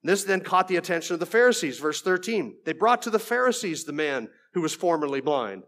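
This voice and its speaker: High-voiced man preaching verse by verse. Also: very animated, a little fast, fairly bright tone. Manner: conversational, with folksy asides and frequent restarts. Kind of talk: expository sermon, verse by verse.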